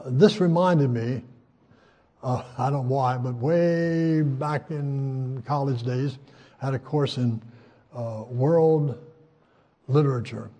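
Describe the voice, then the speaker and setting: Older preacher with a husky, mellow voice. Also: male voice, a little high, muffled recording. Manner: folksy, conversational, frequent hesitations; voice rises when quoting scripture. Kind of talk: sermon.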